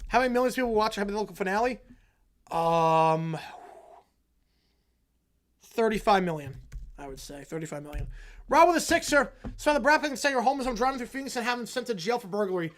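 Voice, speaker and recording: Joking livestream host with a high voice. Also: male voice, animated, fast talker, pauses often. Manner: rambling, joking, answers chat. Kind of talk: casual livestream chat.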